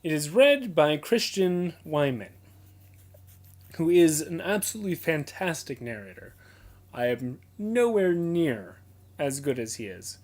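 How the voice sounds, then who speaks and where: A young adult explaining how to read poetry aloud, pointing out pauses and emphasis as clips play. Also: mid-range voice, sing-song, a little mellow. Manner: points out details, emphasizes and repeats examples. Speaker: teacher explaining poetry reading. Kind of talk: casual spoken lesson.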